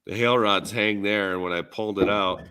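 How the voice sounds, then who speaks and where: A man's voice: fairly low pitch, fairly even intonation, brisk, sharp tone, clear, resonant tone. A man with a Minnesotan accent in a laid-back, rambling, jokey podcast chat, talking shop as a dent repair technician. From Minnesota, USA.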